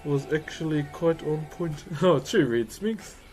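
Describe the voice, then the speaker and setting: A man's voice: fairly high pitch, measured pace, a little mellow, faint music behind. A man chatting casually on a live stream while woodcarving, laughing often and greeting viewers. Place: carving workshop.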